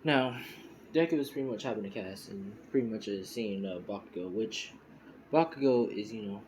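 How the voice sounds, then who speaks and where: The recording is muffled, with background noise, as a man with a lowish voice at a moderate pace invents a fan story as he goes. His telling is casual and rambling, full of self-corrections and fillers like "you know" and "you could say."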